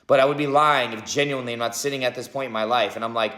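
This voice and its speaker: A man's voice: mid-range voice, steady tone, quick pace, few pauses, fairly bright tone. A man in his thirties talks through a rambling, reflective spiritual monologue, filling it with "like" and "right?" and swearing often. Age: 30s. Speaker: vlogger. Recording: echoey room.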